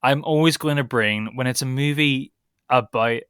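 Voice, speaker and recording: Northern irish guy cohosting a film podcast, bright crisp voice, lively opinions. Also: medium pitch, moderate pace, no echo, clean studio sound. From Northern Ireland. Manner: opinionated, animated film critique. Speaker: podcast co-host. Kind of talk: casual film podcast chat.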